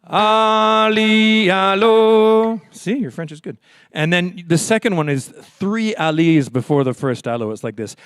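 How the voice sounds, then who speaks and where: A man's voice: on the high side, normal speed, few pauses, dry recording, studio quality. A man from Montreal, a folk singer chatting playfully between songs at a live concert, hesitant and full of fillers. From Montreal, Canada. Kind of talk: stage banter at a live concert.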